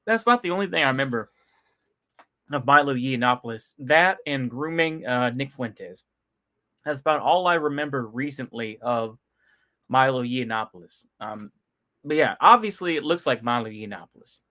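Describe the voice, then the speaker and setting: A YouTube commentator gives casual, rambling reaction commentary full of slang, sighing often and chuckling to himself. His medium-pitched voice is animated, pushed, and bright, and he speaks at a moderate pace.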